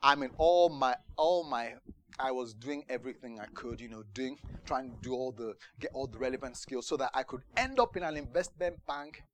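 Man, sermon, animated storytelling, mid-pitched voice. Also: moderate pace. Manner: animated storytelling, with laughs and acted-out quotes. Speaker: preacher.

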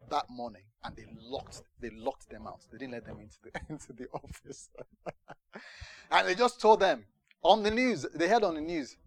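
A man preaching a sermon, telling a personal story in an animated way, laughing at times and acting out the quotes. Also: medium pitch.

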